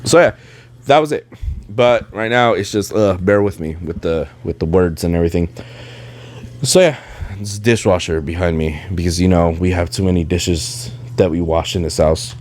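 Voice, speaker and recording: Low-voiced man with Spanish-tinged English. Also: moderate pace, darkish tone, slight background noise. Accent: Spanish-influenced English, rolled R's. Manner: rambling, loses his train of thought. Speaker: podcast host. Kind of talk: casual rambling monologue. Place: at home, dishwasher running. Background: faint video game music.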